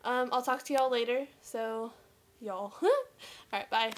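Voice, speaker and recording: A woman's voice: a little high, fairly even intonation, measured pace, heavy background noise. A young woman, chatting playfully and breathlessly in her bedroom, giggling and teasing. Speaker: vlogger. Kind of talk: casual chat.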